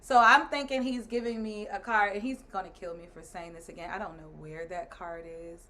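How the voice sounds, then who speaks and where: Speaking at a fairly quick pace with a medium pitch, the host's wife, a guest in her thirties, animatedly tells a story, laughing and voicing other people's lines. There's a little hiss or hum in the recording.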